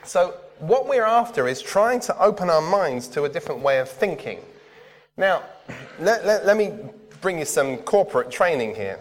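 A man delivers a sermon in a high, lively voice that swoops up and down, speaking at a normal pace. His style is casual and conversational, and he keeps putting questions to the crowd. A long big-hall reverb trails after his words.

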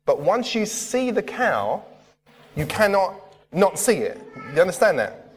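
A man preaches in a high, lively voice that swoops up and down. He talks casually and keeps asking his listeners questions. The long reverb of a big hall trails behind him. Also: measured pace, slightly rough. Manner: conversational, asks the crowd questions. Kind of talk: sermon.

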